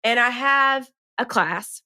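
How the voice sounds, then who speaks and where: A young woman co-hosting a podcast, telling a classroom story in a lively, dramatic way. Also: fairly high pitch, takes it slowly, no echo, studio quality. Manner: animated, dramatic retelling with rising emphasis. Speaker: podcast co-host. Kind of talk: casual storytelling chat.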